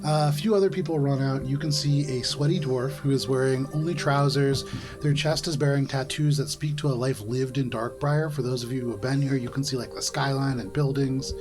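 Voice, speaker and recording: A man's voice: medium pitch, fairly even intonation, fairly quick, music in the background. A man narrating as game master in a tabletop game, rambling and correcting himself as he describes the scene.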